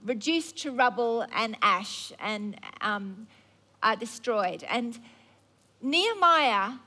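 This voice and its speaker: A woman's voice: fairly high pitch, sharp tone. A woman preacher telling a Bible story in a sermon, conversational and wry.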